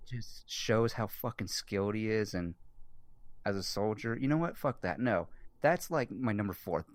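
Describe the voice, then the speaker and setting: A man hosting a casual podcast chat, rambling excitedly with lots of fillers and swearing. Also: fairly low pitch, moderate pace, dry recording. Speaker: podcast host.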